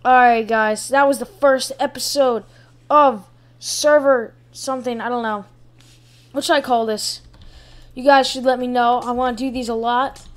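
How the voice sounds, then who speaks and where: A woman giving live gameplay commentary as a channel host, excitable and full of exclamations, muttering to herself between bursts. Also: a little high, normal speed.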